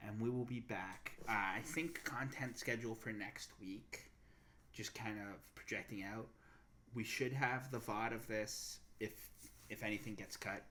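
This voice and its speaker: Low-voiced man rambling through a sign-off. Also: slight background noise. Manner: relaxed, rambling with restarts. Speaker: podcast co-host. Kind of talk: casual sign-off chat.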